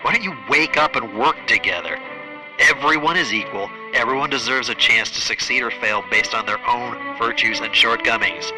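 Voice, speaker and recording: A man hosting a comedy radio sketch, deadpan, sarcastic and exasperated. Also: mid-range voice, moderate pace, over music, rough recording. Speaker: host.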